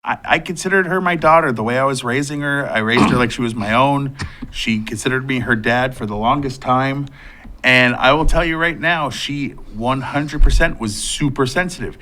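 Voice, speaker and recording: A man's voice: medium pitch, moderate pace. A man co-hosting a casual podcast, telling stories with crude jokes and frequent laughter. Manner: laughs often, animated storytelling. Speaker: podcast co-host.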